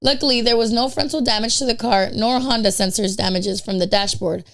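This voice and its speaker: A woman's voice: fairly high pitch, brisk, fairly bright tone. A woman hosting a podcast, telling a story in a chatty way. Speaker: podcast host. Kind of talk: casual chat, reading a prepared story.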